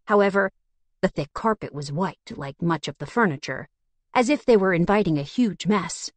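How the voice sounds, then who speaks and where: A woman narrating a fantasy audiobook in a steady storytelling manner. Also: lowish voice, moderate pace, dry recording. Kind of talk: scripted narration.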